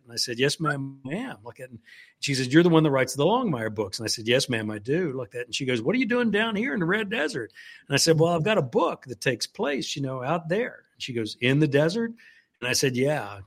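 A male author talking in a loose, rambling way, leaning on fillers like "you know" and "like that." His voice sits at an ordinary middle pitch, and he moves from chat into reading a passage from his book. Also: a bit bright. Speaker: author guest.

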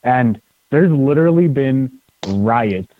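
A man's voice: mid-range voice, expressive, takes it slowly. A man in a casual podcast conversation, talking in an opinionated, conversational way. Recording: dry tinny phone-like sound.

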